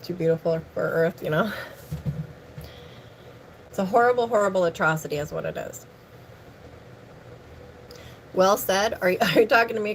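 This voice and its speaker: Brief: woman, lowish pitch, earnest livestream Bible reader, slightly breathless, faint background noise. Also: poor audio. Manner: earnest, warm toward viewers, rambling when off-script. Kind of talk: Bible reading and casual chat with viewers.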